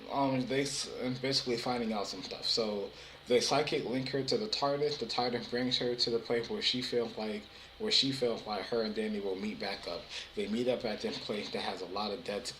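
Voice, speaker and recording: A man's voice: fairly low pitch, fairly even intonation, moderate pace, fairly bright tone, reverberant, a little hiss or hum, poor audio. A young man giving a casual, rambling recap of a TV episode, full of fillers and restarts. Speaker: TV episode reviewer.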